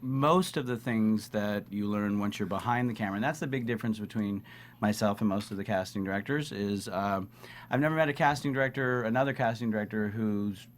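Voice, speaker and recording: Man, casting director guest, animated, joking, fillers and restarts, faint background noise. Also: lowish voice, fairly quick. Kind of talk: casual interview chat. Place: talk show studio.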